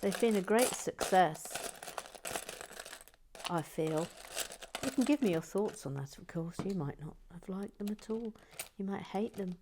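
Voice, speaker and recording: A woman hosting a Lego building channel, chatting quietly to herself and her viewers as she builds. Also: medium pitch, animated, a little slow, pauses often, noisy background. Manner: soft-spoken, talks quietly to herself and viewers. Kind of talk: casual chat while building.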